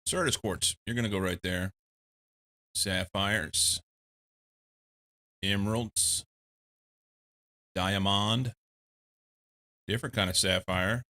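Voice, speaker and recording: A man streaming a game with a lowish, bright-edged voice, talking himself through each step in loose, chatty commentary. He sounds a little congested and laughs easily. He is from the United States and speaks close to a desk mic. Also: fairly even intonation, slow pace, pauses often. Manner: thinking aloud, chatty, laughs often. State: slightly congested. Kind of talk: casual gameplay commentary.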